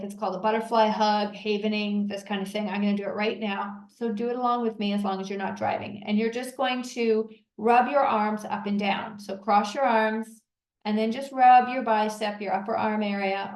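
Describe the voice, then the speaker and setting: A middle-aged woman hosting a solo podcast, coaching listeners through a calming exercise, tired after a long day of talking. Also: a little high, reverberant, poor audio.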